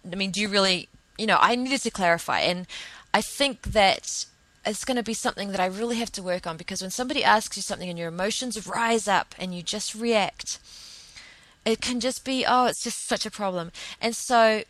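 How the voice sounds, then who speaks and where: A woman's voice: medium pitch, a little fast, a bit bright, no echo, rough recording. A young woman hosting a podcast, talking in a casual, reflective monologue that rambles earnestly through fillers and restarts. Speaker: podcast host.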